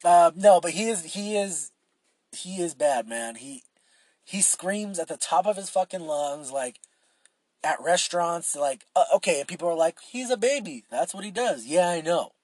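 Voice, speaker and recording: Man, podcast host, casual rambling monologue, husky voice, dry close sound. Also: on the high side, measured pace, darkish tone, no echo. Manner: rambling and profane, with frequent fillers and restarts.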